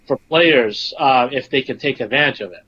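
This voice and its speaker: A man co-hosting a casual podcast, talking in a measured way with lots of ums. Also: mid-range voice, sharp tone, breathy edge, muffled recording. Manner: measured, with many fillers. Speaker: podcast co-host.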